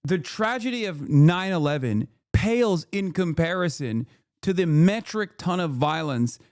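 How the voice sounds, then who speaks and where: Profane guy streaming commentary, kinda high voice, dry close sound. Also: lively intonation, a little mellow, no echo. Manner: blunt and profane, fast when reading.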